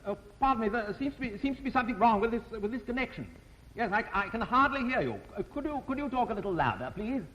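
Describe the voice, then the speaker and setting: A proper english businessman, stammery and polite, high voice swinging all over, old sitcom. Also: lively intonation, quick pace, fairly bright tone, slight background noise, poor audio. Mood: flustered. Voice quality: stammering, genteel. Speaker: company representative. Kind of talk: 1950s TV sitcom acting.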